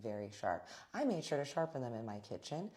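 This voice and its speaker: Very low-voiced woman telling a dramatic story. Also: big pitch swings, fairly quick, mellow. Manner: vivid, profane, addresses viewers as y'all. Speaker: storyteller, vlog host.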